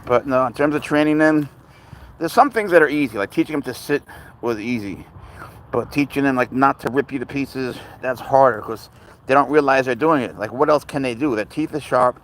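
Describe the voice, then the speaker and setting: A man's voice: mid-range voice, a little fast, fairly bright tone, a little hiss or hum, poor audio. A man hosting a casual live stream outdoors on a walk with his cat, rambling easily through viewer questions and baby-talking his pet. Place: outdoors on a walk near a road.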